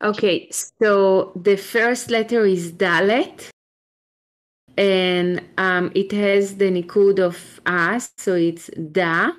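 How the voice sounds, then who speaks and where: A woman's voice: medium pitch, steady tone, slow pace. A woman from Israel, teaching a live online Hebrew class over a video call, patient and encouraging as she sounds out each letter step by step.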